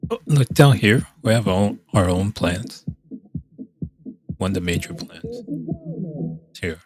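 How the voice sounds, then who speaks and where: A man hosting a show, rambling casually and thinking aloud with halting restarts. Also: lowish voice, expressive, creaky, husky, no room sound. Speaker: show host. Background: music playing.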